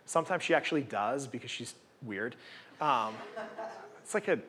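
A man's voice: mid-range voice, lively intonation, normal speed, a bit bright, a little hiss or hum. A man in his forties giving a casual, conversational sermon at a church gathering, full of rhetorical questions and tag "right?"s. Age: 40s. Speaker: guest preacher.

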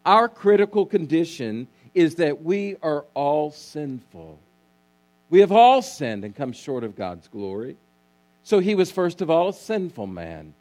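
A man's voice: on the high side, big pitch swings, a little slow, darkish tone. A male pastor preaching a sermon, emphatic and repetitive, calling on the congregation to answer. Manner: emphatic preaching, repeats key words, asks congregation to respond.

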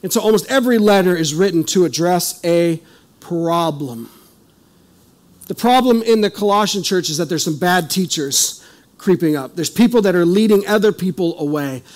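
A man preaching a sermon as pastor at a church service, talking conversationally with the congregation and reading scripture slowly with emphasis. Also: high-pitched, expressive. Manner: conversational, asks the congregation questions.

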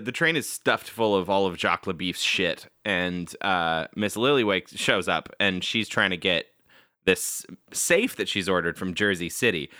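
A man hosting a casual podcast, recapping a cartoon episode in an animated, self-mocking way. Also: deep voice, no room sound, clean studio sound. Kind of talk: casual chat.

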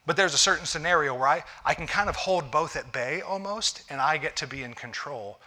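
A man's voice: a little high, fairly quick, bright, forceful tone. A man, a pastor, preaching a conversational sermon to a congregation, often restarting his phrases.

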